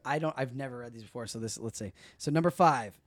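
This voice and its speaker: A woman's voice: extremely low pitch, quick pace, no echo. A woman co-hosting a podcast, chatting casually and telling a story with lots of acted-out quotes and casual swearing. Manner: animated storyteller who acts out friends' quoted lines, swears freely. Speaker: podcast co-host. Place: podcast studio.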